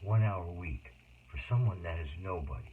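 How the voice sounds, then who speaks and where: A man telling a personal story in a rambling, emotional monologue with sudden loud outbursts. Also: deep voice, a little fast. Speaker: autobiographical storyteller. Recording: tinny phone-like noisy recording.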